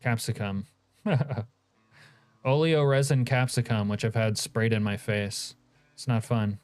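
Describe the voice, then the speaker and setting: A man's voice: medium pitch, fairly even intonation, a little slow, darkish tone, faint music behind. A man streaming a game, chatting casually and joking as he reacts to his chat.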